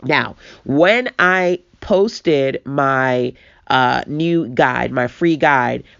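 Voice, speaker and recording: A woman coaching entrepreneurs in a casual online talk, animated and self-mocking, speaking straight to her viewers. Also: very deep voice, very slow, gravelly, no echo, muffled recording. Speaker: business coach. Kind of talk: casual webinar teaching.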